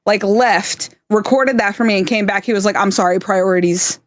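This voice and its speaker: A woman's voice: medium pitch, fairly even intonation, normal speed, dry recording. Chatty, swearing woman streamer, dry mic. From South Florida. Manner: swears freely, laughs often, chatty. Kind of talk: casual chat.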